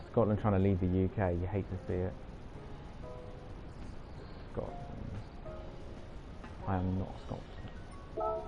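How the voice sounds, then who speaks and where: Bantering young streamer. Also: male voice, sits low. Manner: teasing, jokey banter with chat. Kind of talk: live gameplay chat with viewers. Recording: slightly dull audio with music behind.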